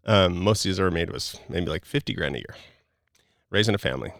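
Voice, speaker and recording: Gravelly low-voiced man telling stories. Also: a little fast, no room sound, clean studio sound. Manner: animated, acts out dialogue, many fillers. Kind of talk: casual storytelling.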